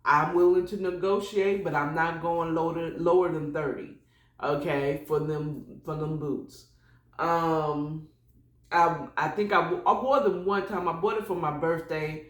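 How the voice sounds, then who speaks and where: A woman's voice: low voice, steady tone, unhurried, echoey room. A woman hosting a casual solo morning chat podcast, rambling and chatty with prayerful asides. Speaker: podcast host.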